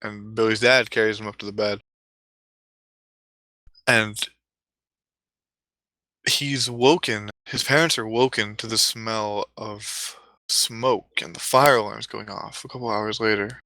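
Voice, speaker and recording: A man's voice: lowish voice, fairly even intonation, slow pace, long pauses, sharp tone, no echo. A man telling a comic story casually, rambling and swearing often, with frequent restarts. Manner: profane, rambling, self-correcting.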